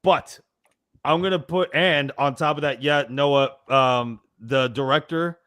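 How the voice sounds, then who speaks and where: A man's voice: a little high, unhurried, a bit bright, clear, resonant tone, dry recording. A man arguing on a panel show, in heated casual banter, swearing constantly and pressing his points hard. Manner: profane, emphatic, swears constantly.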